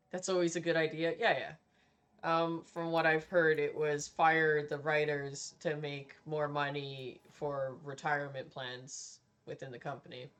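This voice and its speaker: A woman game streamer giving casual, candid commentary while she plays, laughing often and swearing freely. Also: low-pitched.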